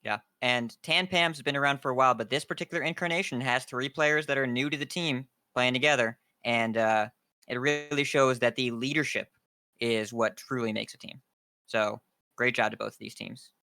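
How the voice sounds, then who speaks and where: Gravelly bright-voiced man joking on a panel. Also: medium pitch, normal speed, no echo, clean studio sound. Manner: joking, sarcastic. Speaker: awards show co-host. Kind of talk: casual panel chat.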